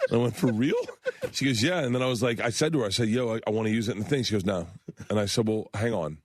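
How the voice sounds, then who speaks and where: A man in his fifties, a comedian telling animated stories on a radio show and acting out the other people in them. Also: on the low side, quick pace, pauses often, a little hiss or hum. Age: 50s. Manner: animated storyteller, acts out voices and laughs a lot. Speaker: guest comedian. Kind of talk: storytelling in casual chat. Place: radio studio.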